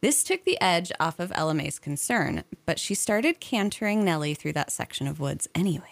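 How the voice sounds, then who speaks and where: A woman's voice: fairly low pitch, lively intonation, normal speed, vocal fry, no room sound. A woman from a local museum, reading out a local history story with conversational asides.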